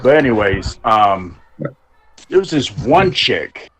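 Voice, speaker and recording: Low-voiced man swearing through stories. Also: sing-song, slow pace, fairly bright tone, slight background noise, low-quality recording. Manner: rambling anecdotes, heavy swearing, acts out quotes. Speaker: podcast co-host. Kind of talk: casual storytelling chat.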